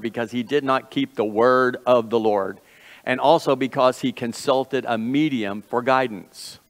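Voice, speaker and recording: Man preaching in a reverberant sanctuary. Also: mid-range voice. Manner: earnest, folksy preaching with repeated phrases and self-corrections. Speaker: pastor. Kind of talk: sermon. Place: church sanctuary.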